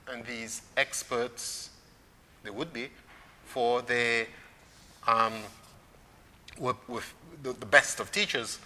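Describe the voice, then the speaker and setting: A man preaching a sermon on scripture, measured, lifting his voice for emphasis. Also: medium pitch, lively intonation, sharp tone, long reverb tail.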